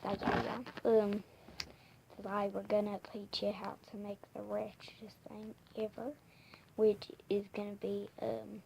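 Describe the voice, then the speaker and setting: A woman's voice: mid-range voice, flat delivery, a little slow, vocal fry, noisy background. A young girl vlogging a playful crafts video, giggly and rambling, often dropping into whispered asides.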